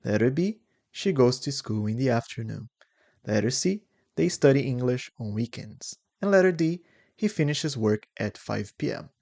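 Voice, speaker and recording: A man teaching English in a video lesson, explaining slowly and deliberately and exaggerating rising and falling intonation in his examples. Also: medium pitch, lively intonation, creaky, a little mellow.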